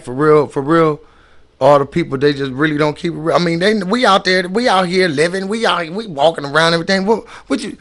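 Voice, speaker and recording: A man's voice: fairly high pitch, fairly bright tone. A man giving casual ranting commentary on videos, emphatic and slangy, often repeating and restarting his words.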